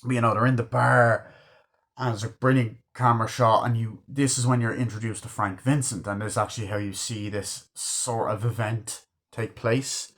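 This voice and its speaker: A man's voice: medium pitch, flat delivery, normal speed, a bit bright. A man casually reviewing a film, enthusiastic and swearing constantly while he acts out scenes. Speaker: movie reviewer. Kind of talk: casual movie review chat.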